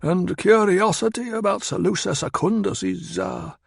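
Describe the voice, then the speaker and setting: A man's voice: high-pitched, moderate pace, vocal fry, breathy edge, no room sound, clean studio sound, voice pushed up, exaggerated voice. A man voicing a shrewd, bitter old spymaster who speaks in a clipped, coldly insistent way. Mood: cutting.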